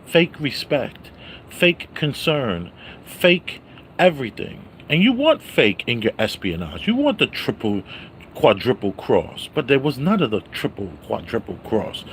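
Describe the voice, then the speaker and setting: Animated man ranting on a livestream. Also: on the high side, a little hiss or hum. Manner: animated, repeats catchphrases loudly; chats with viewers by name. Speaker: livestream movie reviewer. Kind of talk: casual livestream rant.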